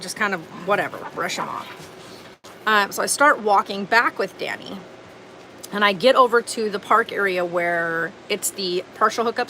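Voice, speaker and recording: A woman's voice: mid-range voice, bright, forceful tone, a little hiss or hum, rough recording. A woman vlogging outdoors at an RV park on a phone or camera, telling a story in an earnest, indignant, rambling way with lots of fillers. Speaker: homestead vlogger. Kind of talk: casual storytelling vlog.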